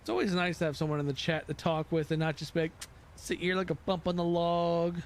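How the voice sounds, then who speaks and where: A man's voice: on the high side, level tone, a little fast. A man hosting a flight sim live stream, talking casually in a rambling way with self-mocking asides.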